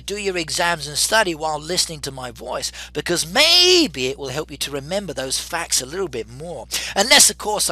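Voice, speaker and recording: A man's voice: on the high side, bright, forceful tone, no echo. A man in his thirties, chatting casually on a live game stream, reading viewer comments aloud and joking with them. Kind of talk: live-stream chat while playing.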